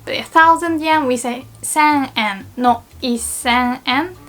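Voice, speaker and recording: A woman's voice: sits high, slow, a bit bright, faint music behind. A woman whose first language is Japanese gives a casual, playful video lesson with a chatty, giggly manner. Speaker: language teacher.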